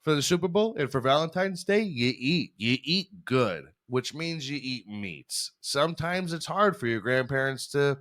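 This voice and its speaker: A man's voice: medium pitch, lively intonation, normal speed, hardly any pauses, fairly bright tone. A young man hosting a podcast, riffing through a crude comedic monologue and laughing at his own jokes. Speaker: podcast host.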